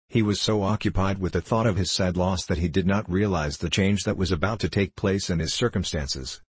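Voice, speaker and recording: Deep husky male narrator. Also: no echo. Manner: measured, formal storytelling. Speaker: audiobook narrator. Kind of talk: scripted narration.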